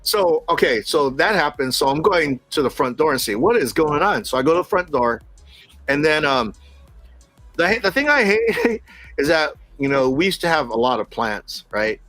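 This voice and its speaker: Animated middle-aged man telling a story. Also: on the high side, normal speed, no echo, soft background music. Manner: animated, laughs often, acts out quotes. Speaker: podcast co-host telling a work story. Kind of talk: casual storytelling chat.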